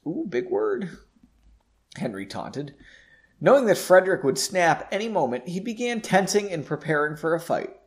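A man reads a fantasy story aloud in a relaxed, casual way, often stopping for jokey asides and re-reading lines he stumbles on. His voice sits slightly high and swings widely in pitch. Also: moderate pace. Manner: chatty, self-correcting, jokey asides. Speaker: reader.

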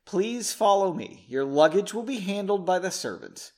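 A cold, sneering young nobleman in a storybook reading, haughty and clipped, voiced by a man. The voice sits a little high and moves around a lot. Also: animated, normal speed, darkish tone.

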